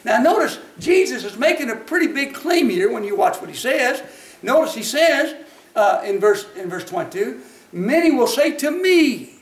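Heard from afar in a reverberant hall, this man preaches in a homespun, forceful style, his extremely high voice swinging widely in pitch at a moderate pace. When he acts out voices, he breaks into shouts.

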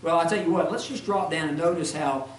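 A man's voice: a little high, brisk, a little hiss or hum. A man preaching a sermon, reading scripture aloud and asking the listeners conversational questions. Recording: echoey room, mic at a distance.

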